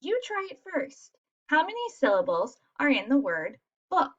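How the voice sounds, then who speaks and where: A woman with a fairly high, very animated voice leads a lesson for young children. She talks in an encouraging classroom manner. The recording sounds muffled and lo-fi. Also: moderate pace. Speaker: teacher. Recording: dull lo-fi recording.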